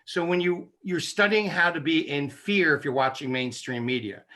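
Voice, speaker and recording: A man's voice: fairly high pitch, expressive, moderate pace, bright, forceful tone. A man speaking as an interview guest, making his points in an emphatic, persuasive way. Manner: emphatic, persuasive, punchy repetition. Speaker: guest, chiropractic neurologist. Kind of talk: casual interview chat.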